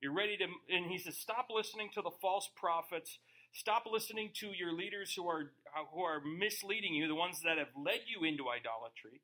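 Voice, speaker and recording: A man's voice: high-pitched, brisk, bright, forceful tone. A male pastor teaching verse by verse in a conversational way, acting out quoted voices.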